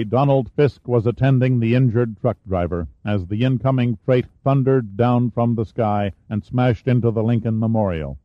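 A man reading a thriller audiobook in a steady, measured narration. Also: mid-range voice, no echo. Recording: dull dry studio recording.

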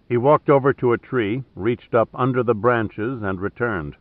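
A man's voice: medium pitch, normal speed, few pauses, no echo. Man narrating over a tinny line. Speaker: audiobook narrator. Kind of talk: scripted narration. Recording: tinny phone-like dry sound.

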